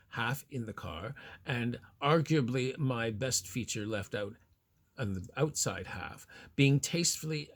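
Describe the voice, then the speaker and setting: A man vlogging with a theatrical, cheeky flair, sweeping his pitch up and down as he spins a tale. His voice is slightly husky. He savours his words in a playful, tongue-in-cheek way. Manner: cheeky, flamboyant, over-the-top delivery. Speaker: fashion vlogger. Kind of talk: theatrical storytelling monologue.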